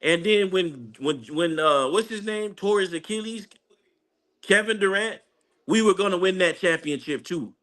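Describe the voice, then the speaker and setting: A man ranting casually about a basketball game as a fan, rambling and excitable, breaking into high laughing outbursts. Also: normal speed. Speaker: sports fan commentator. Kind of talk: casual live game-watching rant.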